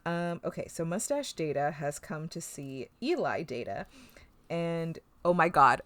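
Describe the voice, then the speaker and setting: A woman's voice: sits low, expressive, unhurried, a bit bright. A woman co-hosting a podcast, chatting casually and recapping an episode, with lots of fillers, swearing and laughter. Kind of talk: casual chat.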